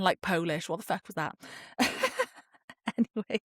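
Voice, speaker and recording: A woman's voice: lowish voice, measured pace, a bit bright, no room sound, clean studio sound. A woman hosting her own podcast, chatting in a rambling, sweary way with lots of fillers while she has a cold. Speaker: podcast host. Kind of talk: casual solo podcast chat.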